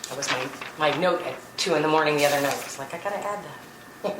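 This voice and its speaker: A woman's voice: low voice, steady tone, fast, noisy background. A woman giving an earnest spiritual talk to a gathering, telling personal stories with light laughter. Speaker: spiritual speaker. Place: meeting room. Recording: roomy hall, distant mic, faint ambience.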